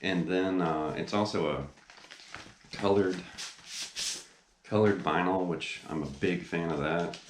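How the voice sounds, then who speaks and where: Seated in an indoor room facing a camera, a guitar teacher hosting his channel gives a casual video lesson in an extremely low voice. He takes it slowly with long pauses, rambling enthusiastically with plenty of "you know" and "uh." The room adds a noticeable echo, and there's background noise.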